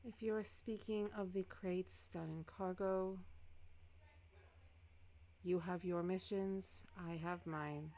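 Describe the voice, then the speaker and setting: A woman's voice: lowish voice, steady tone, takes it slowly, pauses often, warm tone. A woman voicing a curt, formal female ship captain who answers defensively. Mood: stiff.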